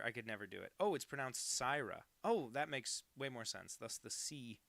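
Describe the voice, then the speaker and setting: Gravelly-voiced young man chatting while drawing. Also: mid-range voice, lively intonation, normal speed, hardly any pauses, fairly bright tone, no room sound. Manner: chatty, self-deprecating, reads chat messages aloud. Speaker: cartoonist streaming live. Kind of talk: casual live-stream chat while drawing.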